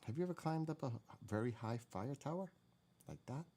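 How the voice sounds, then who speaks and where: A man's voice: mid-range voice, lively intonation, a little fast, mellow. A man hosting a live stream, chatting casually and candidly as he reacts to old clips. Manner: rambling, candid, swears now and then.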